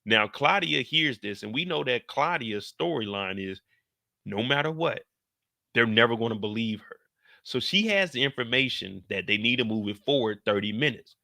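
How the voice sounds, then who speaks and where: Male recap host, loose and cussing, jokes to the audience; forceful bright tone, dead-dry sound. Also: medium pitch, expressive, moderate pace, creaky, no room sound. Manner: profane, joking, addresses viewers directly. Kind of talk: casual episode recap commentary.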